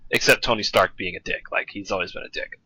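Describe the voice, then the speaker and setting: A man's voice: on the low side, fast, bright, forceful tone, husky, low-quality recording. A young man co-hosting a podcast, chatting casually about comics with many restarts and fillers. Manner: rambling, restarts a lot, chatty. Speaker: podcast co-host. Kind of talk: casual chat.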